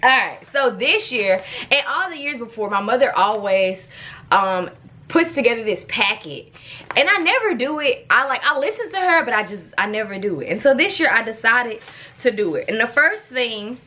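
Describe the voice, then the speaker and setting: Animated young woman vlogging. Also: on the high side, moderate pace, slight background noise. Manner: animated, playful storytelling. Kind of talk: casual vlog chat.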